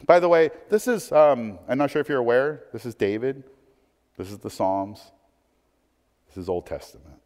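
A man preaching a sermon, swinging between emphatic points and hushed, conversational asides. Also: mid-range voice, expressive, normal speed. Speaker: pastor. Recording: long hall reverb.

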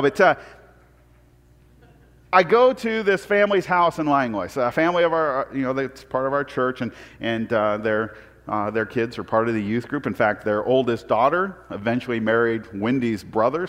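A man from Portland preaching a sermon, telling a humorous personal story with animated, self-deprecating delivery. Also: mid-range voice, big-room sound. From Portland, Oregon. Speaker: pastor. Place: church sanctuary.

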